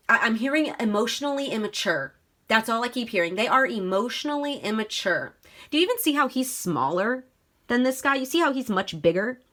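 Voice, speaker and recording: A woman's voice: medium pitch, bright, forceful tone. Chatty swearing woman tarot reader. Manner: chatty, swears freely, addresses viewers directly. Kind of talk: casual tarot reading to viewers.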